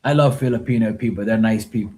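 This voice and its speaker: A man's voice: on the low side, quick pace, warm tone. A man chatting casually on a live tarot stream, rambling and swearing freely. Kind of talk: casual livestream chat.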